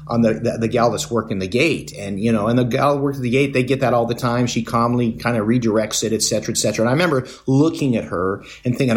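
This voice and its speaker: A middle-aged man talks through a personal story on his podcast, with a pitch that sits right in the middle for a man. He rambles, doubles back on himself and fills gaps with "uh" and "you know". He pokes fun at himself in an easygoing, self-deprecating way. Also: fast talker, few pauses. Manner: rambling, self-deprecating, many fillers and restarts. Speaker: podcast host. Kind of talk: casual storytelling monologue.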